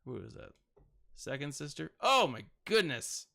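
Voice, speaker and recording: In his thirties, this gaming channel host has a high-leaning, sing-song voice that is creaky with a sharp tone, and he takes his time. His gameplay commentary is loose and rambling, dotted with playful sound effects and jokes at his own expense.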